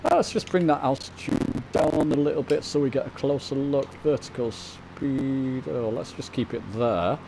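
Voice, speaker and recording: A man from the UK talks casually over his flight simulator footage, pointing things out and chatting to his viewers. His voice sits at an ordinary middle pitch. A faint background hiss runs under the desk-mic recording. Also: normal speed, creaky, hardly any pauses, dark tone, poor audio. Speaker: flight sim video host. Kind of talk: casual commentary over gameplay.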